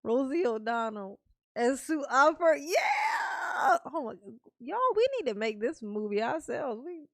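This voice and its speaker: Slow, gravelly woman chatting live. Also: sits high, lively intonation, dry recording, studio quality. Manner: playful, laughing, drawn-out musing. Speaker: livestream host reading chat. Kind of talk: casual live chat.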